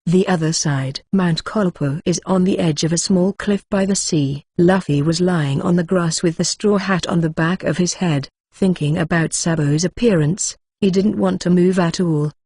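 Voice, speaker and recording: A computer voice of a woman narrating a novel in an even, mechanical reading. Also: on the low side, normal speed, few pauses, husky, no room sound, clean studio sound. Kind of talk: synthetic audiobook narration.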